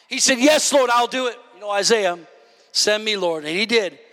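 High, bright-voiced impassioned male preacher. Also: moderate pace. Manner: impassioned, often shouting and building to high cries; calls out to the congregation. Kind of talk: sermon.

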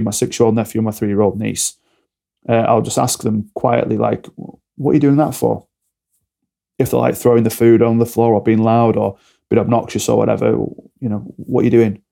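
His mid-range voice barely moves in pitch, fairly quick and mellow with vocal fry. He's an alcohol-free coach guesting on a podcast, talking candidly and often acting out little conversations to make a point.

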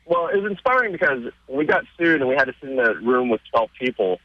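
A man being interviewed on radio, telling stories casually and getting excited, his voice jumping up in pitch as he retells scenes. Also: quick pace, dry recording, muffled recording. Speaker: interview guest.

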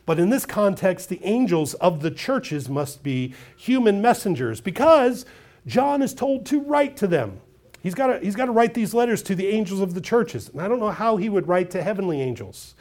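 A man preaching a sermon on scripture, building from steady teaching to loud emphatic peaks, repeating words as he restarts. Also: sits high, moderate pace.

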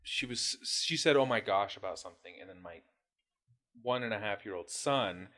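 A man's voice: fairly low pitch, moderate pace. A man in his thirties co-hosting a podcast in casual, profane chat, telling family stories with laughs. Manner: profane, laughing, animated storytelling. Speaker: podcast co-host.

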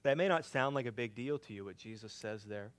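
A man preaching a sermon, swinging between loud emphatic lines and quiet hushed ones. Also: medium pitch, brisk. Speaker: pastor.

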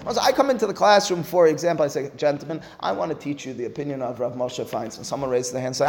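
Animated man teaching Talmud. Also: quick pace, gravelly, few pauses. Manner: acts out dialogue between sages with big pitch swings; mixes Aramaic and Hebrew terms into English.

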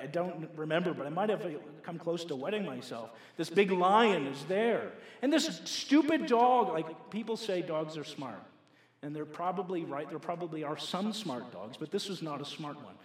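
A man preaching a sermon, moving from a told story to forceful preaching, recorded in a reverberant hall. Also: on the high side, lively intonation, moderate pace. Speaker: pastor. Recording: echoey hall with long reverb.

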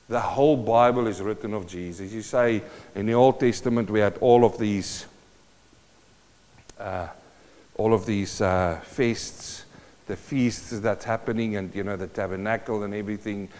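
A man's voice: lowish voice, measured pace, darkish tone. Emphatic male preacher in a reverberant hall. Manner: emphatic, quotes scripture and builds in intensity. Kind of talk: sermon. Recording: long reverb of a large hall.

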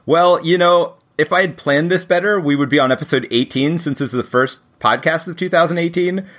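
A man's voice: fairly high pitch, brisk, fairly bright tone. A man hosting a board game podcast, opening the show and steering the conversation in a friendly, wry way. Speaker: podcast host. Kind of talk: casual podcast chat.

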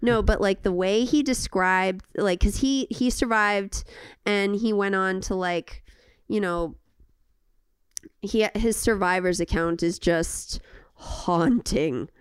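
A woman's voice: mid-range voice, slow, clear, resonant tone, dry recording, studio quality. A woman co-hosting a podcast in casual chat, rambling and restarting as she looks things up. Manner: chatty, rambling, full of fillers and restarts while looking things up. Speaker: podcast co-host.

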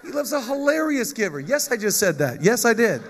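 A male pastor preaching a lively sermon, joking with the congregation and reading scripture aloud. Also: extremely high pitch, brisk.

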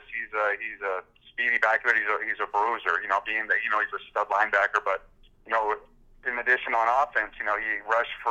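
Guy reporter on a podcast, super bright tone, kinda low, lots of uh and repeated words. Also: poor audio. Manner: halting, many fillers and repeated words. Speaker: sports recruiting reporter, guest. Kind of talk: casual interview talk.

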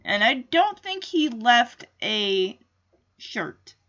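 A woman's voice: fairly high pitch, big pitch swings, extremely slow, sharp tone, highs cut off, slight background noise. Chatty, rambling woman podcast host. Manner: rambling, thinks aloud, many fillers and restarts. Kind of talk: casual recap of a TV episode.

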